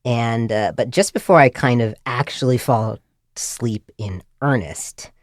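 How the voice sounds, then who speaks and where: A man telling an embarrassing story in casual podcast chat, animated and self-deprecating, full of "like" and "right?". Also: medium pitch, unhurried, no room sound, clean studio sound. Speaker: podcast co-host.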